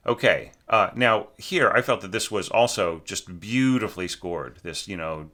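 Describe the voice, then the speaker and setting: A man's voice: low-pitched, normal speed, hardly any pauses, bright, forceful tone. A man teaching orchestration, talking through a student's score in a loose, conversational way, often restarting sentences and singing phrases aloud. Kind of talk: informal score critique.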